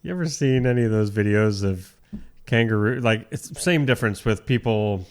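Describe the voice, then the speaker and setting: A man's voice: lowish voice, normal speed, darkish tone, clear, resonant tone. Chuckling co-host, a man. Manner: reactive, chuckling asides. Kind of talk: casual chat.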